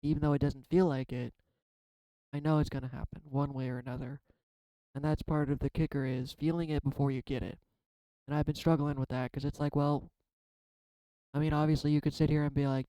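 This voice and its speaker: A man's voice: a little high, little pitch movement, quick pace, mellow, clean tone, no room sound, rough recording. Reflective man pulling oracle cards. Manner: reflective, rambling, swears casually. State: emotional. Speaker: tarot card reader. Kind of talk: casual spiritual vlog.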